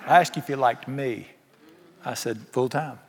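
Preaching a sermon at medium pitch and normal speed, a man spins folksy stories and voices the dialogue himself. A long hall reverb surrounds the recording.

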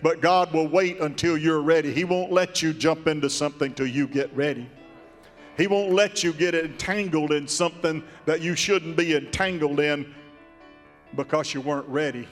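A man preaching a sermon as pastor in a church sanctuary, with a slow cadence that now and then breaks into song. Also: fairly high pitch, fairly even intonation, big-room sound, soft background music.

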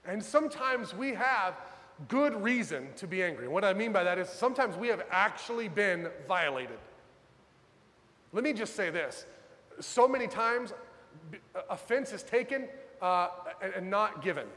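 High-voiced preaching man in a reverberant hall. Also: lively intonation, normal speed. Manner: dramatic, swings from loud urgent to hushed. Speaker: pastor. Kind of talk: sermon.

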